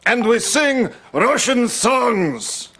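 A man's voice: extremely high pitch, big pitch swings, extremely slow, sharp tone, full character voice. A man playing a jovial Russian man fond of vodka, in a scripted language-lesson video.

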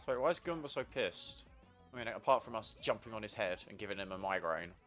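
A man's voice: lowish voice, animated, fairly quick, fairly bright tone, faint music behind. A young man giving crude, sarcastic, swear-heavy commentary while playing a party video game. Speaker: gamer. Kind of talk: let's play commentary.

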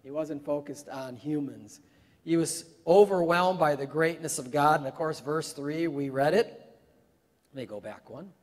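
A man's voice: on the high side, a little slow, a little mellow. A man preaching a sermon, talking conversationally and rising to emphatic peaks. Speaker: pastor. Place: church sanctuary. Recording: long hall reverb in a church.

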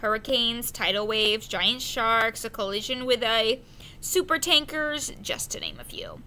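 A woman reading a children's adventure novel aloud, slow and careful, with the odd slip of the tongue. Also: a little high, pushed and bright, a little hiss or hum. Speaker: audiobook reader. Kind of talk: storybook narration.

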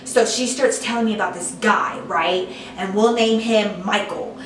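A woman's voice: medium pitch, fairly even intonation, moderate pace, fairly bright tone, slight background noise. A young woman vlogger telling a story in a casual, chatty way, filling her talk with "like.". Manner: chatty, heavy use of "like". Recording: echoey room from a distance.

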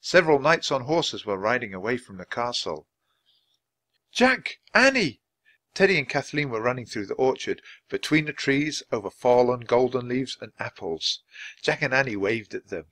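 Expressive man reading a storybook. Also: mid-range voice, moderate pace, no room sound. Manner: expressive, clear, natural pace. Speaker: storybook reader. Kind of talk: reading a children's book aloud.

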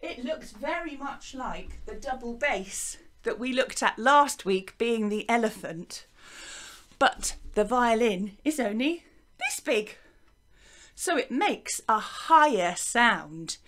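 A woman with an English accent teaching young children a music and movement lesson to camera, gentle and encouraging, chanting along with the actions. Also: on the high side, animated, slow. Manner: gentle, encouraging, sing-song counting and chanting. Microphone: wearing a microphone.

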